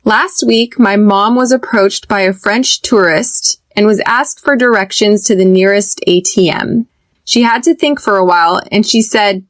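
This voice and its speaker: An American woman teaching English pronunciation on a podcast, speaking slowly and deliberately so learners can repeat after her. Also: medium pitch, no echo.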